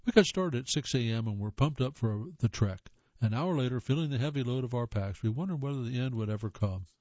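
A man's voice: medium pitch, lively intonation, a little fast, dark tone, no room sound. Man reading aloud, dull recording. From American South. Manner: reads aloud with casual asides and self-corrections. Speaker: reader. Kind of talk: reading magazine items aloud.

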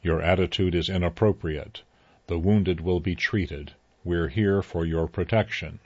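A man voicing an alien announcer who speaks with a calm, booming authority. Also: a little slow, muffled recording. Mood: commanding.

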